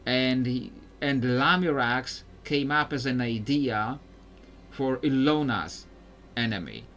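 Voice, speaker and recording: A man's voice: mid-range voice, slow pace, a bit bright, slight background noise. Rambling male game streamer. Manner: rambling, self-interrupting, chuckling. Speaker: gameplay streamer. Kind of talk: casual gameplay commentary.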